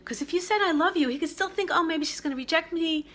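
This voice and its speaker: A woman's voice: very high voice, quick pace, fairly bright tone. A woman from Brooklyn, giving relationship advice in an emphatic monologue that repeats its key phrases. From Brooklyn, New York.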